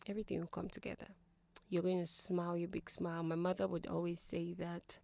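A woman's voice: on the low side, flat delivery, a little fast, gravelly, dry recording. Reassuring radio host, woman. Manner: earnest and reassuring, moving between soft near-whispers and louder pleading. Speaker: radio call-in show host. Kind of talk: encouraging radio talk to listeners. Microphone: studio microphone.

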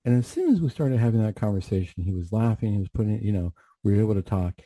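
Male clinician storyteller: low pitched, husky, reflective and earnest, restarts a lot. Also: animated, quick pace, mellow, no echo. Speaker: mental health clinician. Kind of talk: radio storytelling.

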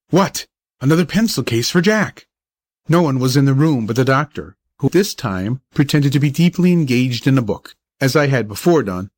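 A man narrating an old-fashioned story in a measured storybook reading. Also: medium pitch, dry recording, clean studio sound.

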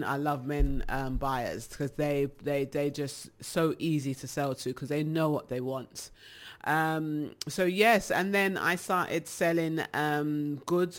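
A woman with a British accent, chatting casually to her viewers as a rambling, animated storyteller. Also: low-pitched, slow pace. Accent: British English. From England. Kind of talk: casual chat.

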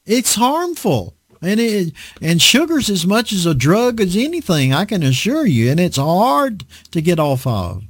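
In a high, unhurried voice with no echo, a man delivers a conversational sermon. He teaches from the Bible with animation, repeatedly posing rhetorical questions to his audience.

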